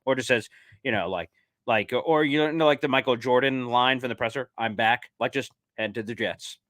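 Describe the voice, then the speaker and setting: This is an excitable man giving casual sports commentary, talking straight to his viewers and calling them "baby." His voice sits at an ordinary pitch. The sound is dry and close. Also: normal speed, no echo.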